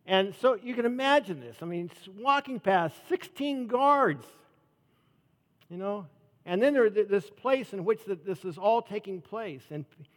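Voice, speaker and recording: Animated male preacher in a reverberant hall. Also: high-pitched, a little slow. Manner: animated storytelling, acts out the characters, laughs along. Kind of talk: sermon retelling a Bible story.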